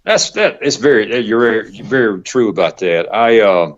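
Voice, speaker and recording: Casual podcast guest: Southern man, low voice, rambling with stops and starts, muffled lo-fi sound. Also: lively intonation. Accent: Southern US, Georgia. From Georgia, US South. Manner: rambling, halting, laughs often. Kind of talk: casual chat. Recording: dull lo-fi podcast audio.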